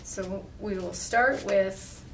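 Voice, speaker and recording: A woman reading a storybook aloud with animated, expressive delivery, then leading a simple craft. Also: mid-range voice, slow pace, far from the mic, a little hiss or hum.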